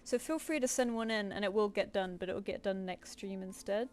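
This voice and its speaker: A British-accented woman chats casually with viewers while working on a live stream as an artist. She talks a little fast at medium pitch with a slightly mellow tone, rambling and using lots of fillers.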